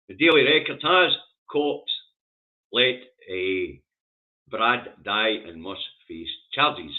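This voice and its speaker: A Scottish man hosting a news review stream, reading headlines and ranting about them with scorn and heavy swearing. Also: lowish voice. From Scotland. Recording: tinny phone-like audio.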